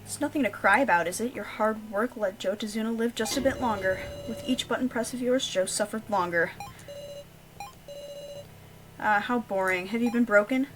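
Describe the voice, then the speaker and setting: A woman's voice: fairly high pitch, normal speed, noisy background, natural voice. A woman voicing a mocking, sadistic male game master who taunts his captives and giggles cruelly. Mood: taunting. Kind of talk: reading game dialogue aloud. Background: game music.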